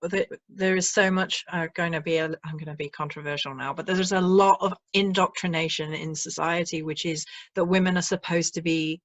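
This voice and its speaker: A woman's voice: lowish voice, steady tone, brisk, hardly any pauses, no echo. A woman, hosting a casual video chat and laughing often. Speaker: host.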